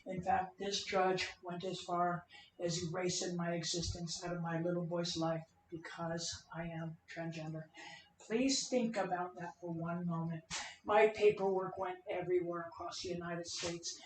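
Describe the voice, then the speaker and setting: Woman, keynote speaker, impassioned testimony, loud bursts and quiet lines, roomy sound, away from the mic. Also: on the low side, fairly even intonation, normal speed. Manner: impassioned, swings from loud outbursts to hushed lines. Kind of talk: emotional personal testimony speech. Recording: roomy, from a distance, faint noise.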